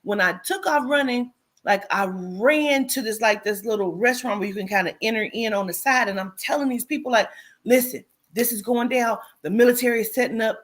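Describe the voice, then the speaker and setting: A woman casually recounting a vivid dream, animated and profane, acting out what people said. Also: a little high, brisk. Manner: animated, profane, acts out quotes. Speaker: host. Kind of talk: casual storytelling.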